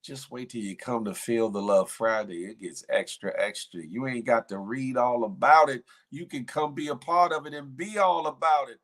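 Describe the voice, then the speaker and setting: A man's voice: mid-range voice, normal speed, few pauses, a bit bright. Laughing, slangy male stream host. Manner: playful banter, laughs often, drawling slang. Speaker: show host. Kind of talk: casual live-stream chat reading comments.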